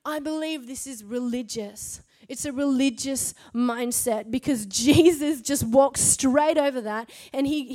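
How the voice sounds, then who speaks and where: A woman preaching a sermon at a church service, emphatic and rhetorical, punctuating her points with quick checks to the crowd. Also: high voice, mellow.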